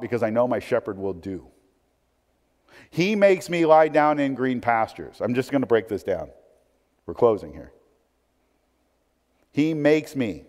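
A man preaching a sermon, swinging between emphatic points and hushed, conversational asides. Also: medium pitch. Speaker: pastor. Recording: long hall reverb.

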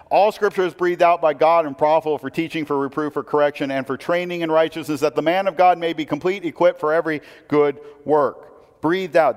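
In a large hall, a male pastor gives a sermon in a conversational style, asking rhetorical questions as he alternates between forceful, raised lines and hushed, low asides.

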